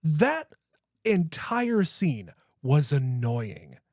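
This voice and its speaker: A man co-hosting a podcast, giving blunt, relaxed opinions about a film and swearing casually. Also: on the high side, drawn-out words, no echo, studio quality. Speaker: podcast co-host. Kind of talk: casual movie chat.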